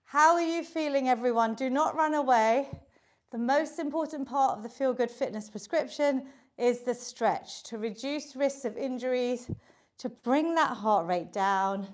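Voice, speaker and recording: A woman with a high, bright voice teaches a live online workout class. She cheers the class on and counts reps aloud. She sounds a little out of breath. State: slightly out of breath. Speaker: fitness instructor.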